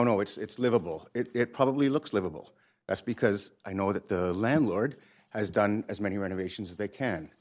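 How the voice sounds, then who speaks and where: Man, public comment at a council hearing, measured, rebutting, lowish voice, podium mic. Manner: measured, rebutting the earlier speakers. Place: city council chamber.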